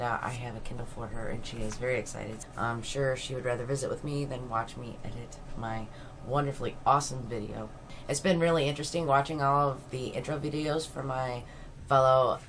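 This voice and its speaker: A woman's voice: a bass voice, a little hiss or hum. A middle-aged woman vlogging casually from home, chatty and rambling.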